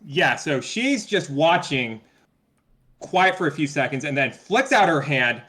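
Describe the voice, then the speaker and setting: A man's voice: a little high, sing-song, measured pace, sharp tone. A man playing a tabletop role-playing game, narrating his character's actions hesitantly, with many restarts. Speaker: player.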